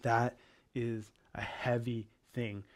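A man's voice: mid-range voice, little pitch movement, slow. A male pastor from Canada giving a sermon, telling a parable in a casual, conversational way.

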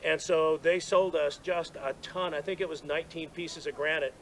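A man's voice: fairly high pitch, fairly even intonation, moderate pace, a little hiss or hum, rough recording. A man giving a rambling, self-deprecating story as a speech at an outdoor dedication, with restarts and laughs. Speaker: speaker at monument dedication. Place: outdoors at a gathering.

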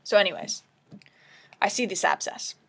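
A woman's voice: normal speed, pushed and bright. Tearful woman rambling anxiously to camera. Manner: rambling, anxious and emotional, often dropping to a whisper. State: tearful, crying. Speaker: vlogger. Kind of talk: casual confessional vlog.

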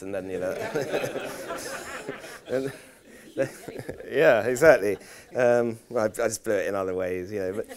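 A man leading a conference workshop, talking in a halting way with repeated words and self-deprecating stories. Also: on the low side. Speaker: workshop presenter. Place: conference room.

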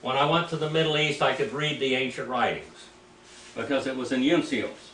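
An older man, a preacher, teaching Greek in a rambling, anecdotal way, clearing his throat now and then. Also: medium pitch, moderate pace, a bit bright. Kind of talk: informal teaching sermon. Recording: echoey room, mic at a distance, faint background noise.

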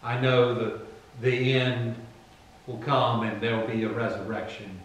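Slow, emphatic male pastor in an echoey church. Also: mid-range voice, level tone, slight background noise. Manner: conversational, emphatic, voicing Bible figures casually. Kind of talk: sermon. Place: church sanctuary.

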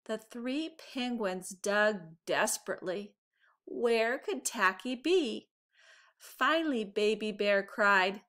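A woman teacher reading a children's picture book aloud in an expressive storytelling voice. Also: medium pitch, slow.

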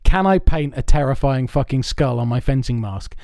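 Recorded in a soundproofed home studio with no room sound, this male podcast co-host has a mid-range, darkish voice at a moderate pace. His casual talk is a stream of meandering anecdotes, profanity and plenty of laughs.

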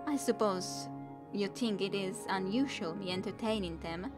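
A woman's voice: medium pitch, normal speed, music in the background, natural voice. A woman voicing a cold, ambitious queen mother in a fantasy storybook reading, speaking in a haughty, cutting way. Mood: scheming.

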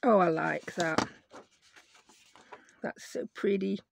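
Croaky woman crafting. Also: lowish voice, steady tone, slow pace, background noise. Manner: chatty, thinks aloud while she works. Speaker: craft video host. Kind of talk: chatty crafting tutorial. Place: home craft desk.

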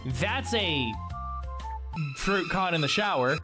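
A man's voice: fairly high pitch, animated, slow pace, over music. A man streaming a video game, chatting playfully and jokingly with his viewers. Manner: playful, jokey, chats to viewers. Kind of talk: casual live-stream chat.

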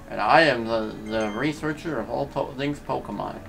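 A man's voice: medium pitch, measured pace, vocal fry, a bit bright, soft background music. A man streaming a video game, chatting casually and joking with his chat as he plays. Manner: laid-back, joking asides to chat. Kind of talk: casual let's-play commentary.

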